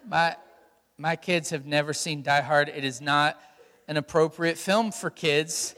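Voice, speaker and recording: A man's voice: fairly high pitch, unhurried. A man preaching a sermon as a pastor, telling stories and asking the congregation questions. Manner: storytelling, animated, asks the congregation questions. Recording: long hall reverb.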